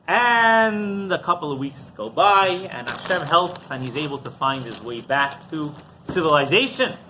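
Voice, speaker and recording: Animated rabbi telling a story. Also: male voice, a little high, slight background noise. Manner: animated storyteller, quick asides to the audience. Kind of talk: storytelling Torah class.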